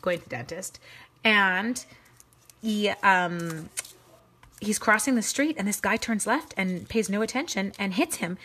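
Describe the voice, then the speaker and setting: A middle-aged woman with a soft, breathy voice hosts a crafting livestream from her home craft room. She chats casually and greets viewers by name as she works. Her pitch sits in an ordinary middle range. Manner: chatty, talks to viewers by name while crafting. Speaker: card-making livestream host.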